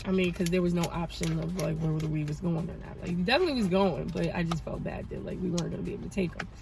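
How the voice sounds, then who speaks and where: A woman in her thirties chatting casually in a vlog, telling a story with animated and grateful talk. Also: on the low side, very fast, creaky, background noise. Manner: animated storytelling, praises God. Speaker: vlogger. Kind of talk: casual chat.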